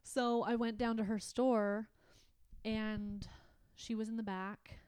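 A woman's voice: fairly high pitch, little pitch movement, darkish tone, clear, resonant tone, no echo. Woman telling an emotional personal story. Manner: emotional, halting storytelling with restarts. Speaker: guest. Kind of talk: personal testimony in conversation.

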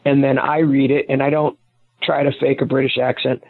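A man's voice: mid-range voice, little pitch movement, a little fast, breathy edge. A man, a guest author and investigator, explaining things at length with some restarts over the phone. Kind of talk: casual interview talk. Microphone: phone call. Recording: tinny phone line.

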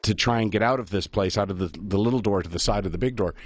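A middle-aged man, a radio host telling a funny travel story in a lively, self-mocking way. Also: lowish voice, quick pace, no room sound. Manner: animated, self-mocking storyteller who laughs at his own tale. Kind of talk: casual on-air storytelling.

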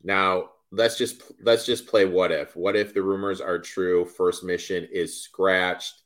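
A man's voice: deep voice, little pitch movement, slow pace, a bit bright. A man hosting a sports podcast, talking casually and bluntly, cursing freely as he rants. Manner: blunt, profane ranting. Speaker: podcast host.

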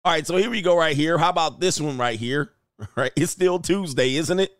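A man's voice: a little high, brisk, fairly bright tone, a little hiss or hum. Joking slangy man streaming reactions. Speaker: host reacting to clips. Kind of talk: casual livestream commentary.

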